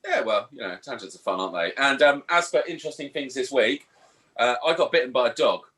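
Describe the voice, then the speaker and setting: A man co-hosting a podcast, telling stories in a sweary, animated way. His pitch swings widely as he talks, and his voice is bright. It is loose, unscripted chat between friends. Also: fast. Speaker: podcast co-host. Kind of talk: casual chat.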